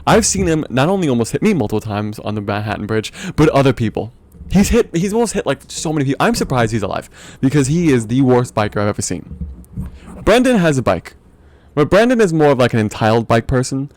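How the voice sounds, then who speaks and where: A man's voice: mid-range voice, sing-song, quick pace, a little mellow. A young man hosting a podcast, telling a comic rant in a profane, exasperated way and laughing often. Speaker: podcast host. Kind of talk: comedic storytelling rant.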